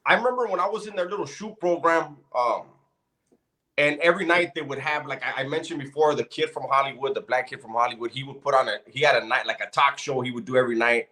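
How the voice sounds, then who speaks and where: A man's voice: medium pitch, fast talker, bright, forceful tone. A man telling a prison story in casual, profane chat, building up to the punchline. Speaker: podcast co-host.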